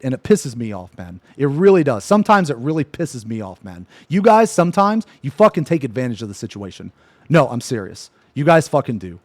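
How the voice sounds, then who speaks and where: A man's voice: mid-range voice, dry recording. A man streaming live who rants at his chat, swearing constantly, frustrated and annoyed, repeating "man" at the ends of lines. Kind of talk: angry rant to live chat.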